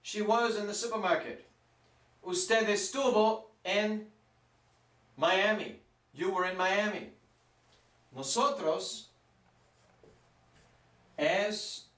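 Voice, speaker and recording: Male teacher, high voice, slow and deliberate, recorded from a distance in a roomy space. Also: a bit bright. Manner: plain, repeats and stresses forms slowly. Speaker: Spanish teacher. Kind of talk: classroom grammar lesson. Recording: echoey room, mic at a distance.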